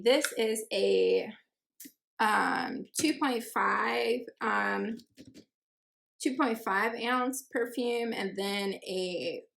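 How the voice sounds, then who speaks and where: This beauty vlogger's voice sits at medium pitch, fairly bright in tone with vocal fry. Going through a perfume haul, she chats casually, giggling and using lots of fillers. Uncertain how to pronounce some names, she teases herself about it.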